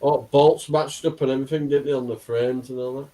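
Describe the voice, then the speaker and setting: A man's voice: mid-range voice, steady tone, brisk, mellow. A man who teases the others and laughs a lot in casual chat.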